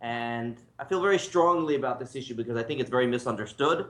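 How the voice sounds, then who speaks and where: A man's voice: mid-range voice, fast talker. A man, a rabbi, teaching a casual lunchtime class, joking, laughing often and calling on students to read. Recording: echoey room.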